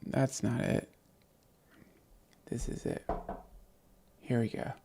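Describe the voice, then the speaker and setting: Gravelly rambling livestream host, a man. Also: mid-range voice, takes it slowly, noisy background. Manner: rambling, profane, excitable, talks to viewers. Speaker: podcast host on a night livestream. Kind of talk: casual rambling livestream chat.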